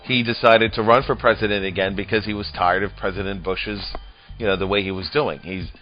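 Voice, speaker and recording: A man's voice: on the low side, steady tone, a little fast. A man doing rambling, profane comedic political commentary, crude and mocking as he talks. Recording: dull lo-fi audio with faint music.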